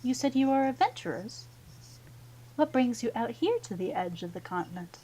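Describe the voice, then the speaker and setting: A woman voicing a gentle human priestess with formal speech in a fantasy game. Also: a little high, big pitch swings, moderate pace, slight background noise, voice pushed up. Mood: kindly.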